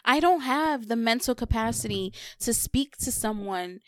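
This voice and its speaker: A woman's voice: on the high side, expressive, moderate pace, fairly bright tone, dry recording, studio quality. A young woman on a podcast, chatting candidly and confessionally and repeating words for emphasis. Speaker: podcast co-host or guest. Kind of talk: casual podcast chat.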